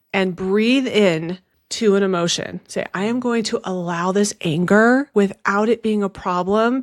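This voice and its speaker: Woman coach, steady advice-giver, dry close sound, middle-pitched. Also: dry recording. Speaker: divorce coach and guest. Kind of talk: podcast interview.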